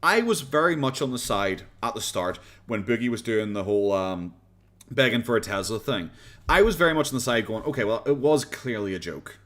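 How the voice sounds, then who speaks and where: An Irish man chatting on a live stream about other video makers. He is sarcastic, swears freely and laughs often, and his voice sits at an average pitch. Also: big pitch swings, brisk, bright, forceful tone. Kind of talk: casual commentary.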